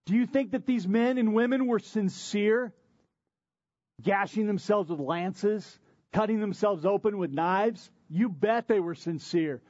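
A man with a high-pitched voice preaches a sermon and drives his points home with repetition and rhetorical questions. The sound is dry and a little dull. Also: measured pace, darkish tone, no echo. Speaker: pastor.

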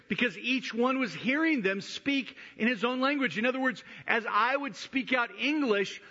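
A male pastor delivering an expository sermon. His voice is high and bright with a husky edge, and he moves between scripture and friendly asides. The sound carries a long hall reverb and a dull, lo-fi quality. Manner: expository preaching, rhetorical questions, conversational asides.

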